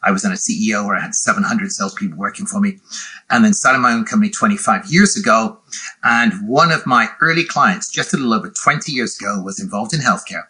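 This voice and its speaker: Older British man with a rounded-out accent; husky, bright and low-ish; measured podcast guest. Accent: British, softened West Country and Midlands, some North American. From England. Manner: measured, self-deprecating, explanatory. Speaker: guest, sales consultant. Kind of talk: podcast interview.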